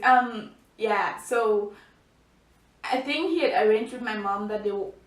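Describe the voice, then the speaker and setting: Young woman vlogger, high voice, animated storyteller, roomy distant sound. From Cameroon. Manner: chatty, animated, many restarts and fillers. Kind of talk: casual storytelling to camera. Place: indoor room by a window.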